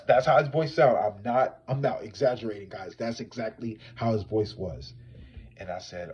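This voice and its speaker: Animated man telling a story. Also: on the low side, fairly quick, breathy edge, poor audio. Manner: animated, swings from hushed to loud exclaiming. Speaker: psychic tarot reader on a livestream. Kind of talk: casual storytelling to viewers.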